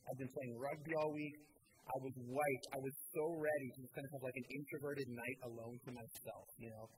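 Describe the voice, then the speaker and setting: A man's voice: medium pitch, fairly even intonation, a little fast, slight background noise, rough recording. A young American man preaching a sermon in a church, telling stories casually with lots of fillers. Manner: storytelling, casual with many fillers. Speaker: pastor.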